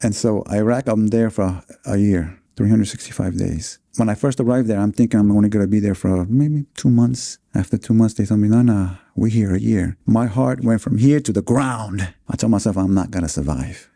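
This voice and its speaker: Brief: New man, forties, interview guest telling his story; low, dark, mellow voice, dry close sound, earnest and halting. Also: gravelly, dry recording. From New York City, USA. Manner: earnest, with many fillers and restarts.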